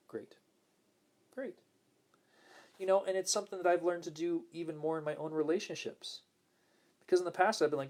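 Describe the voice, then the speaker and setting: A man hosting a casual spiritual talk, speaking gently and smoothly, repeating words for emphasis and reading viewer comments aloud. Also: brisk, pauses often. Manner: acts out quoted lines in a higher voice. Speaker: host.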